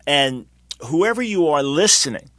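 A man's voice: a little high, expressive, measured pace, sharp tone, no echo. A man in his sixties hosting Christian talk radio, speaking in an earnest, emphatic, preacherly way. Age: 60s. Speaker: radio host.

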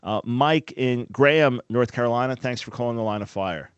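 A man's voice: medium pitch, normal speed, clear, resonant tone, no echo, muffled recording. A man hosting a call-in radio show, explaining things in an earnest, emphatic way.

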